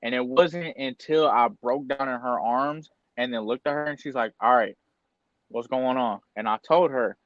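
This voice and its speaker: A man's voice: mid-range voice, moderate pace, hardly any pauses, no echo, lo-fi sound. Young man telling a heartfelt story. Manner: emotional, candid storytelling with slang. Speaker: podcast co-host. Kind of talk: casual podcast chat.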